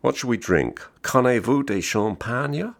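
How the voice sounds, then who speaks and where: Man doing a wry joking american guy in his thirties, lively swoops, gravelly. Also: medium pitch, moderate pace, pitched above the performer's own voice. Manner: wry, teasing, mock-jovial.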